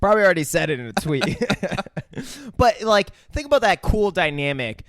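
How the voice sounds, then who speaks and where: A man with a fairly high voice, a podcast co-host in casual chat. His pitch swings widely as he chimes in, eager and profane, and the sound is dry. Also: sing-song, normal speed, a bit bright, no room sound.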